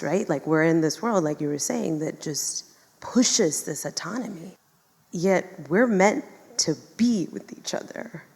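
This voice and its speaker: A woman's voice: on the low side, creaky, darkish tone, big-room sound. A woman speaking as a panel guest before a live audience, reflective and loose, with many fillers and asides.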